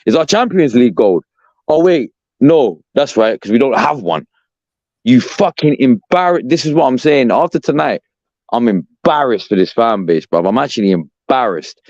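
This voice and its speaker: Young man, podcast rant, swearing, exasperated, middle pitch. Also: lively intonation, moderate pace, darkish tone, dry recording. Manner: profane, repetitive, exasperated, says "bruv" constantly. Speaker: podcast co-host. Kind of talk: heated fan rant. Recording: dull, dry lo-fi sound.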